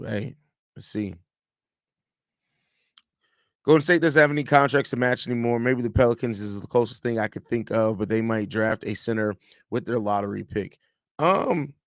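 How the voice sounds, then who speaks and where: A man's voice: on the low side, creaky, no room sound, studio quality. A man hosting a live podcast show, reading viewer comments aloud and teasing the people who sent them. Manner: animated, teasing, talks straight to viewers. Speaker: podcast host.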